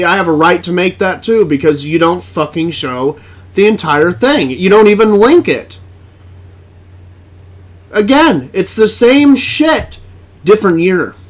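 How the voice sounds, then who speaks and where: A man with a high voice rants through casual reaction commentary. He is blunt and swears freely, stumbling and restarting as he gets exasperated. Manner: blunt, profane, exasperated, laughs often.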